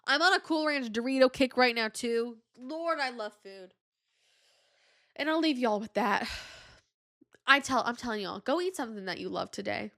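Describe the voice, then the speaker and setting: A woman's voice: on the high side, normal speed, fairly bright tone. A young woman hosting a podcast in casual chat, gushing and effusive, repeating herself often. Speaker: podcast host.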